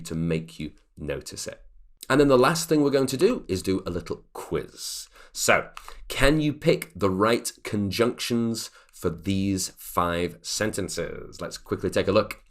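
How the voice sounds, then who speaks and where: Guy teaching grammar, lowish voice that bounces around a lot, reads out examples. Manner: explanatory, lively, reads example sentences aloud. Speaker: English teacher. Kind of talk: grammar lesson.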